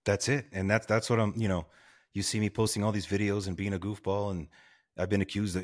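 A middle-aged man with a notably deep, low voice, chatting as a podcast guest. He tells stories with animated energy, laughs often and trips over his restarts. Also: brisk. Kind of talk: casual storytelling chat.

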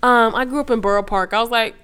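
A young woman from the New York area telling a story in casual chat, animated and profane, acting out the people she quotes. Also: fairly high pitch, quick pace, smooth.

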